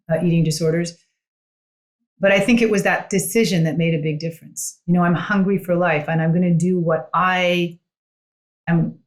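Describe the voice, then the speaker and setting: A woman guest on a podcast, a coach, telling her story in an earnest, reflective way with frequent "you know" asides. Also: fairly low pitch. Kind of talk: conversational storytelling.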